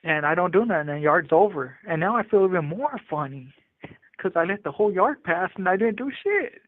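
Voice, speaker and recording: A man's voice: high voice, lively intonation, a little fast, no room sound. A man telling a story from his own life in casual street slang, often restarting his sentences, heard over a phone call. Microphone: prison phone. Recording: tinny dry phone line.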